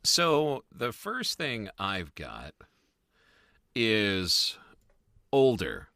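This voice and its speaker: A middle-aged man co-hosting a casual review podcast, telling stories in an animated, chatty way. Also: on the low side, extremely slow, no echo, studio quality. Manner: animated, tells stories with lively asides. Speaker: podcast co-host. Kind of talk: casual chat.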